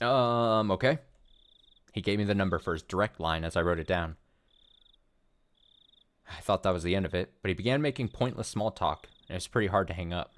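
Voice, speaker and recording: A man hosting a let's play, reading a visual novel aloud and rambling excitedly and paranoidly between lines. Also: deep voice, fairly quick, long pauses.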